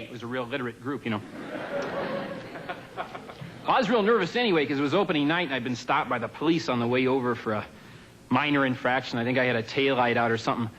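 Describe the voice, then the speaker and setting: A male comedian works through a stand-up set on a TV studio stage. His delivery is dry and deadpan, full of offhand asides, and his pitch sits in a middle range for a man. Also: a little hiss or hum, low-quality recording.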